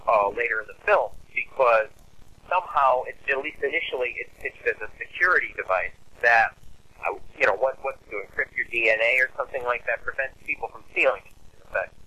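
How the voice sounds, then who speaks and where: Guy with a really bright, husky voice, talking through a movie slowly and thoughtfully. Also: mid-range voice, no echo, poor audio. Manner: thoughtful, explains at length with fillers. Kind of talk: casual film discussion.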